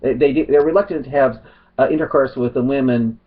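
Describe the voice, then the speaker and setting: A man's voice: medium pitch, fairly even intonation, brisk, narrow, tinny audio. A man ranting in a commentary vlog, repeating himself, restarting his sentences and firing rhetorical questions. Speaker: video blogger.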